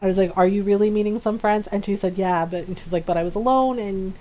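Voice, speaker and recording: A woman game streamer in casual chat, her voice sitting at a middling pitch. She rambles through her stories with plenty of filler words and acts out the back-and-forth of the people in them. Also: quick pace, slight background noise. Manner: animated, acts out quoted dialogue. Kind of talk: casual storytelling chat while gaming.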